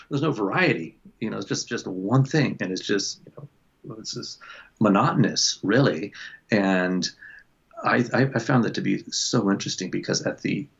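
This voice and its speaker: A man chatting casually on a video call as a book club guest, rambling and restarting his sentences with quick laughs. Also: mid-range voice, vocal fry, a bit bright, husky. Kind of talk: casual chat. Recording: dull lo-fi call audio.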